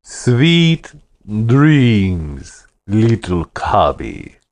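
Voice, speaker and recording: A man voicing a huge, taunting brute of a man with a booming voice and a Russian accent, in a fiction podcast reading. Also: big pitch swings, takes it slowly. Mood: falsely sweet. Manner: falsely sweet, taunting. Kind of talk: audiobook character voice.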